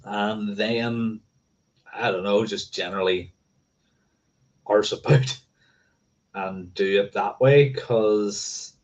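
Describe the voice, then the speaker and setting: A man's voice: on the low side, takes it slowly, pauses often, lo-fi sound. A man hosting a casual livestream, rambling and correcting himself and swearing offhandedly. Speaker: motorcycling livestream host.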